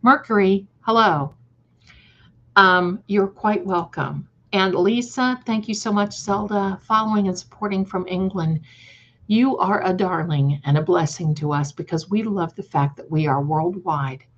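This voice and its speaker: Woman, psychic live-stream host, chatty, affectionate pet names, repeats and restarts words, mid pitch, slightly muffled stream audio. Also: measured pace. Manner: affectionate, calls viewers "my darling". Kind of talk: live-stream chat reading comments.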